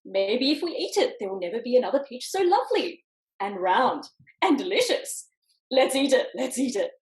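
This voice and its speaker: A woman's voice: a little high, big pitch swings, moderate pace, roomy sound. A woman reading a picture book aloud to children over a video call, switching between character voices. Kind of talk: storytime read-aloud.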